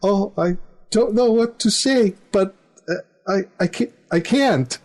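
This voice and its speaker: A man's voice: high-pitched, a little mellow, pitched above the performer's own voice. A man doing a hesitant young woman with an Eastern European accent. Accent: Eastern European put on. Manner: halting, hesitant.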